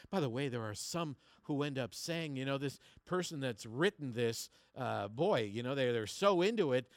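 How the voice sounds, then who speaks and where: A male pastor preaching a sermon, moving from quiet slow passages to loud emphatic ones and repeating words as he finds his phrasing. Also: mid-range voice, no room sound.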